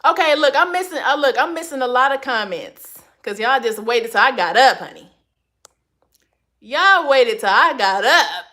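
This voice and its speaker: Sassy and casual, a woman hosts a phone livestream, going through viewer comments and calling everyone honey. She speaks at a moderate pace, her high voice animated, pushed and bright.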